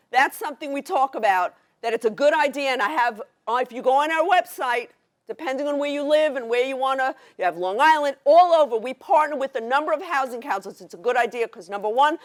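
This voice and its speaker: A middle-aged New York City woman with a Brooklyn accent and a high-sitting voice gives a workshop audience an excited educational presentation. She talks fast, with eager energy and New York directness.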